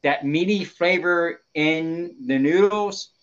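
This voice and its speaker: A man's voice: fairly high pitch, slow pace, dull audio. A man in casual podcast chat, enthusiastic, with many fillers and repeated catchphrases.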